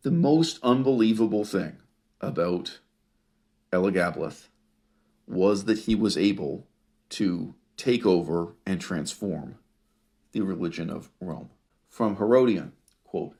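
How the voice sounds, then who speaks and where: An animated man with a low, gravelly, slightly mellow voice and a breathy edge reads ancient history sources aloud during a lecture. His commentary is wry, full of rhetorical questions and drawn-out emphasis, and he laughs at his own readings.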